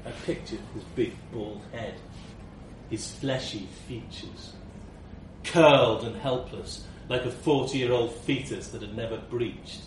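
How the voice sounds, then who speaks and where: Slow wry guy reading his story, voice all over the place, echoey room, mic kinda far. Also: medium pitch, slight background noise. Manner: wry, slow, expressive delivery with profanity. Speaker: narrator. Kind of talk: first-person story reading.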